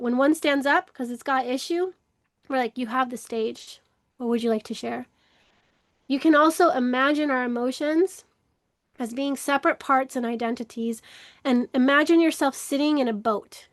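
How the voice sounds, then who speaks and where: A woman hosting a spoken webinar, talking earnestly and emotively, often acting out inner voices, with restarts and soft laughs. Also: high voice, no echo, studio quality. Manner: acts out inner dialogue in shifting voices. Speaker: webinar host, creativity coach. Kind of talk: casual spoken webinar talk.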